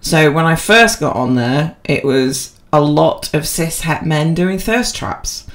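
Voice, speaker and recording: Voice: mid-range voice, expressive, takes it slowly. Casual rambling co-host, filler-heavy, unpolished podcast chat. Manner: rambling, self-deprecating, with many fillers and restarts.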